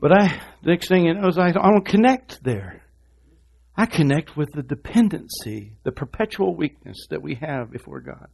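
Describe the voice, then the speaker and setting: A man preaching a sermon, talking straight to the congregation in an animated way, dropping to a hush and then rising loud, with quick asides to the crowd. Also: a little high, gravelly. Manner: animated, swinging from hushed to loud.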